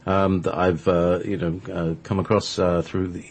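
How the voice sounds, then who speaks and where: A man's voice: deep voice, little pitch movement, moderate pace, slight background noise. A man from Scotland hosting a spiritual internet radio show, chatting casually and rambling with many fillers and restarts. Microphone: online call.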